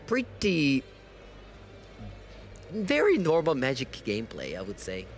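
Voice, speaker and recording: A man giving lively, analytical live commentary on a card game match, correcting himself as he goes. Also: medium pitch, measured pace, soft background music. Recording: faint background noise.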